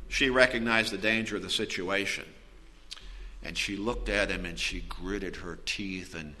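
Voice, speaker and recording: A man preaching a sermon, telling a story and swinging from quiet asides to loud outbursts. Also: deep voice, steady tone, measured pace, big-room sound, poor audio. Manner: storytelling with wide swings in loudness.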